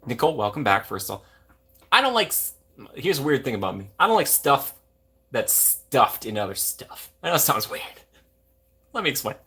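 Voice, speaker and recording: A man's voice: fairly high pitch, sing-song, a little fast, long pauses, bright, forceful tone, slightly rough. A young man from Minnesota, hosting a livestream, chatting casually and going off on jokey tangents while reading viewer comments. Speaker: livestream host.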